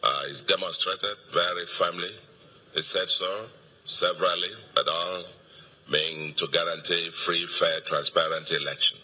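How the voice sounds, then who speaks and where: A middle-aged man with a Nigerian accent speaks to a crowd of supporters in a very deep, husky voice that still cuts through sharply. His delivery is emphatic and oratorical, repeating phrases for weight and pausing on fillers. It has the rhythm of a political victory speech. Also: steady tone, pushed and bright. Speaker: state governor.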